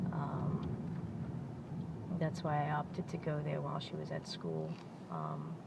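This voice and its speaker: A woman talking in a personal video diary, speaking in a heartfelt way as she fights back tears. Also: sits low. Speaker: vlogger. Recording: dull lo-fi audio with loud vehicle noise.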